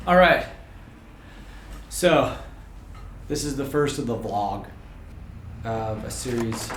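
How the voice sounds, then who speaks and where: A man's voice: mid-range voice, expressive, slow, long pauses, a bit bright, a little hiss or hum. A man talking casually to the camera as a vlogger and videographer, easygoing, rambling and joking as he goes. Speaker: vlogger and videographer business owner. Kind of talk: casual vlog talk to camera. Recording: roomy with faint background ambience.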